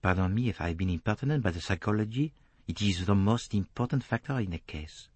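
A man reading an audiobook voices a fastidious middle-aged Belgian detective, precise and courteously relentless. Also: fairly low pitch, expressive, husky. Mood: gentle.

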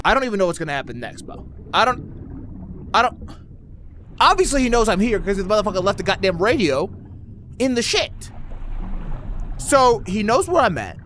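A man giving profane, incredulous let's-play commentary, ranting loudly at a game. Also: high-pitched, big pitch swings, normal speed, background noise. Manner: loud, cursing, incredulous rants. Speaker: gaming YouTuber.

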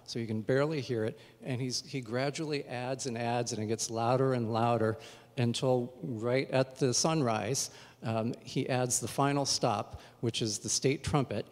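Relaxed male organist addressing a recital crowd; easygoing, halting delivery, mid voice ringing in a reverberant church. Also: medium pitch. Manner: relaxed, chatty, frequent ums and uhs. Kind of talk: casual spoken introduction to the audience. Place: church sanctuary. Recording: long church reverb, voice heard from afar.

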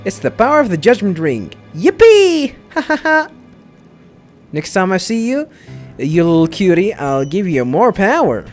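A man's voice: sits high, sing-song, normal speed, soft background music. A man voicing a flamboyant male spirit who puts on a cutesy girlish act, talking in a gushing, coy, sing-song way.

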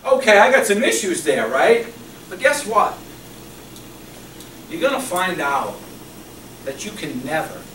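A man preaching a sermon as a pastor, passionate, swinging between loud emphasis and hushed repetition. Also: fairly high pitch. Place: church hall. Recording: echoey room recorded from far off with background noise.

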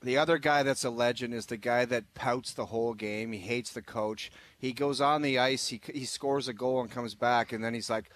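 Animated male radio co-host. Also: medium pitch, normal speed, hardly any pauses, dry recording. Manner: animated, mimics people in exaggerated voices. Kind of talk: casual sports radio chat. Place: radio studio.

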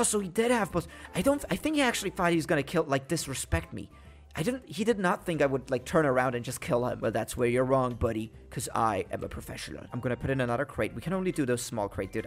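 Excitable young man playing a game. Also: medium pitch. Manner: excitable, panics and pleads loudly in danger; casual slang, says "dude" and "mate". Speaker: gaming YouTuber. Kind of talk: gameplay commentary.

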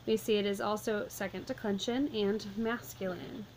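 A woman walking through a vocabulary lesson, explaining calmly and methodically, step by step. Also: medium pitch, moderate pace, a little hiss or hum, low-quality recording. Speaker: Latin teacher.

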